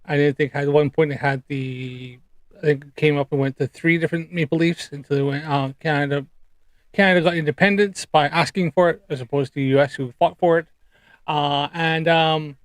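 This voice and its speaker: A man chatting casually on a live stream, rambling with many ums and pauses while reacting to clips. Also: on the high side, steady tone, no echo. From United Kingdom.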